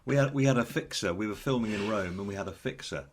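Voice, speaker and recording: A man's voice: fairly low pitch, quick pace, background noise. A man co-hosting a casual chat, telling stories with hesitant restarts. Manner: anecdotal, hesitant storytelling. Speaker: podcast co-host.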